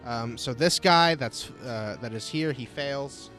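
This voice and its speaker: A man acting as game master, making rulings in a relaxed way and laughing often. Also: medium pitch, measured pace, soft background music. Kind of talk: running a tabletop game.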